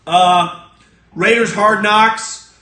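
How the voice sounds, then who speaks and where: A man's voice: fairly even intonation, extremely slow, bright, forceful tone, roomy sound. A man hosting a sports podcast alone, giving blunt, profane, emphatic opinions. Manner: acts out other people's lines in a lower voice. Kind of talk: solo opinion rant.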